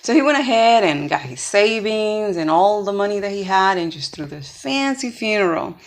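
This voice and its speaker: A woman's voice: mid-range voice, animated, normal speed. A woman telling a fable in casual, rambling talk with many fillers. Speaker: storyteller. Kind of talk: casual spoken storytelling.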